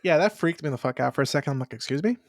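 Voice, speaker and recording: A woman co-hosting a podcast, recapping an episode in laid-back chat with casual swearing and deadpan asides. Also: sits low, racing, no room sound, clean studio sound. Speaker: podcast co-host.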